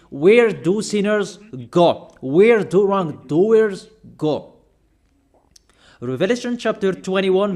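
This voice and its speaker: A man with a rather high-pitched voice delivers a stern sermon. He admonishes his listeners emphatically, pausing between phrases and pressing them with rhetorical questions. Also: darkish tone. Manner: admonishing, emphatic, slow deliberate phrasing with pauses. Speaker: preacher.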